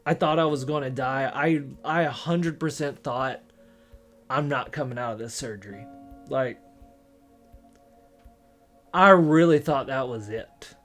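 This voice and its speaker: A young man candidly recounting a personal story to camera, rambling and emotional, often restarting his sentences. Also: on the high side. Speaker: vlogger.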